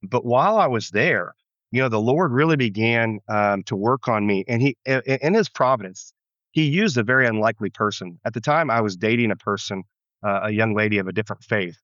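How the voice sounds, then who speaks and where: American male pastor, interview guest; low-ish, reflective, restarts often; dry, muffled lo-fi audio. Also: a little fast, fairly bright tone, dry recording. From United States. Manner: earnest, reflective, many restarts. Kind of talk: storytelling interview answer. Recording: dull muffled lo-fi sound.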